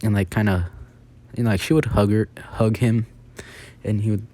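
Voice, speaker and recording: A man's voice: lowish voice, fairly even intonation, moderate pace, mellow. A man improvising a casual fan story, rambling with many fillers and restarts.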